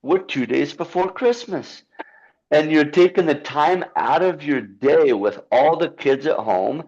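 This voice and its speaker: Being interviewed on a podcast, this male filmmaker gives an earnest motivational talk, stressing accountability and discussing his own film with emphasis. He speaks unhurriedly in a fairly high, darkish voice. The recording quality is dull.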